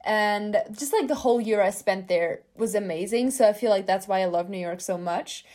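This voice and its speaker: A woman's voice: medium pitch, normal speed, dark tone. A young German woman speaking English with a German accent, a playful guest in a casual chat who laughs often. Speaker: podcast guest.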